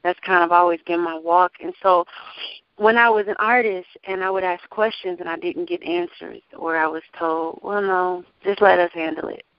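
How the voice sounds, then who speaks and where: A woman gospel singer and label owner talking casually in an interview, animated and testifying, laughing often. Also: lowish voice, moderate pace, clean tone, no echo. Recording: muffled dry sound.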